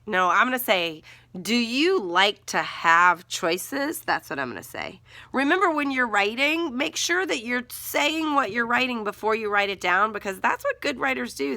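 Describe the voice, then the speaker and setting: A woman teacher modeling writing for young children, thinking aloud slowly and sounding words out as she writes. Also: a little high, pushed and bright, no echo. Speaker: first grade teacher.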